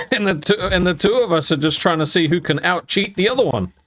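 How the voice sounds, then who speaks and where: Animated young Kiwi man telling stories. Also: sits high, fairly quick. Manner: animated, jokey, swears casually, acts out quotes. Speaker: gaming YouTuber. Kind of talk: casual storytelling.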